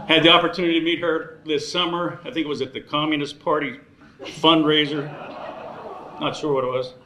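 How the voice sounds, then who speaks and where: A man in his sixties emcees a dinner, giving a joking speech full of wisecracks, thank-yous, and teasing of the audience. His voice is a little high, bright, lifted, steady, and brisk, echoing through a large banquet hall over faint room noise.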